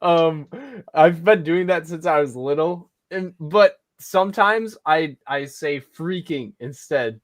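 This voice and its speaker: A man in casual podcast chat, speaking in a calm and reasonable way. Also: a little high, slow, no echo, studio quality.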